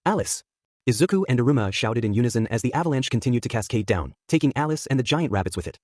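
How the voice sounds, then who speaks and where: A man's voice: mid-range voice, racing, a little mellow, no echo, clean studio sound. A man narrating a fan fiction story in a dramatic storytelling manner. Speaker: fanfic narrator.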